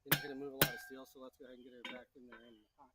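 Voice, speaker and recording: A man's voice: medium pitch, little pitch movement, racing, heavy background noise. Chatty man teaching blacksmithing. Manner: chatty, joking and encouraging. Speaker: blacksmithing instructor. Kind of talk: hands-on teaching while forging. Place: blacksmith shop.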